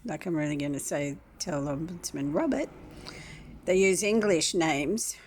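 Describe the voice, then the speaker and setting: A woman in her sixties, rambling through a complaint to the camera and clearing her throat often. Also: low-pitched, unhurried, a little mellow, slight background noise. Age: 60s.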